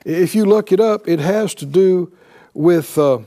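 In an unhurried sermon, a man with a high-pitched, dark voice preaches emphatically. He keeps calling for responses with "right?" while reading scripture aloud and moving into voiced quotes.

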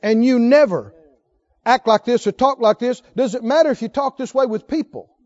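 A man's voice: extremely high pitch, moderate pace, a little mellow, dull audio. A male pastor preaching emphatically, often putting questions to his congregation. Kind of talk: sermon.

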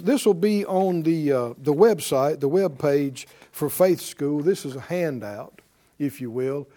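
A man's voice: high voice, warm tone. A man preaching a sermon, leading call-and-response and firing off emphatic rhetorical questions. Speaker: pastor.

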